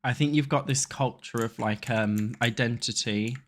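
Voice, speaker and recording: A man's voice: medium pitch, moderate pace. A young British man talks casually over his gameplay and thinks aloud as he builds. He rambles, swears freely and chats loosely with his viewers. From England. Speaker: gaming YouTuber. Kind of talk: casual chat while playing a building game.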